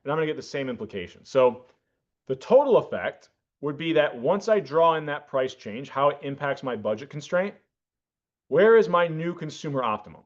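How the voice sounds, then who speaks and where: A man's voice: fairly high pitch, expressive, normal speed. Man lecturing in a dull lo-fi recording. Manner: explanatory, self-correcting, rhetorical checks. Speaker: economics lecturer. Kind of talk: classroom lecture.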